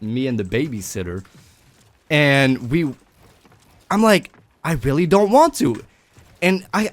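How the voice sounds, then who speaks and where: A young adult man telling a personal story in a casual vlog, animated and swearing. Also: a little high, dry recording. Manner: animated, swearing, breaks into laughter. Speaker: vlogger.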